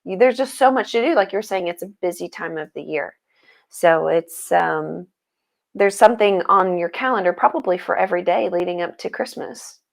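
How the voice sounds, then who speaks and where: A woman's voice: on the low side, moderate pace, vocal fry. A woman co-hosting a casual talk show in an easygoing way. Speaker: co-host. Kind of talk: casual chat.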